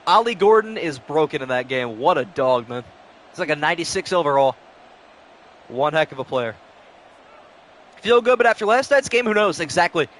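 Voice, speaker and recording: A man's voice: fairly high pitch, big pitch swings, normal speed, pauses often, a bit bright, slight background noise. A young man calling play-by-play on a live stream, switching between announcer-style calls and casual chat with viewers, short on sleep.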